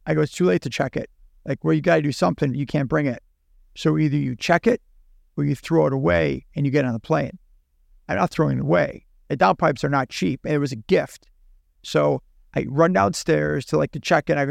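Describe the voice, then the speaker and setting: A man's voice: a little high, brisk, creaky, no room sound, studio quality. A man, a podcast guest, telling a long anecdote in casual chat and acting out both sides of the dialogue. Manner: animated, acts out dialogue in his own voice. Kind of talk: casual storytelling.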